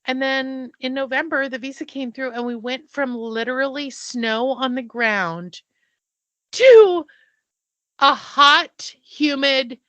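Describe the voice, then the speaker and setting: A woman's voice: sits high, measured pace, few pauses, pushed and bright, dry recording, highs cut off. A woman in her fifties co-hosting a podcast, chatting animatedly and swearing casually. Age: 50s. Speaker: podcast co-host. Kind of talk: casual chat.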